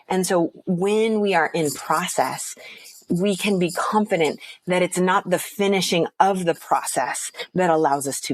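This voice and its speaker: A woman therapist speaking as a podcast guest, gentle and reflective in her unhurried manner. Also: fairly low pitch, no echo. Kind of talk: podcast interview.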